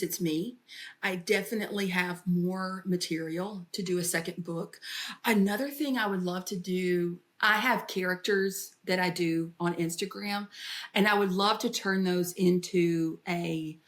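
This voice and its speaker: A woman's voice: medium pitch, a little slow. A woman comedian and author, telling stories in an interview and slipping into voices when she quotes family. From American South. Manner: storytelling, animated when quoting family. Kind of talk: interview conversation.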